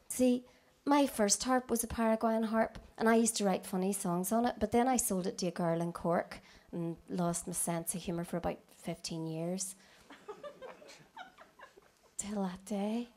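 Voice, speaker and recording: A woman doing live musical comedy on a theatre stage, teasing the audience and swinging between loud asides and hushed whispers. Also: medium pitch, a little slow. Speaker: comedic harpist. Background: harp music.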